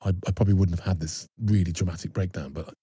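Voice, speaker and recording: Deep husky man, halting storytelling. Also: fairly even intonation, mellow, dry recording. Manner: halting, repeats words and restarts often. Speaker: actor guest. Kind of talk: candid personal storytelling.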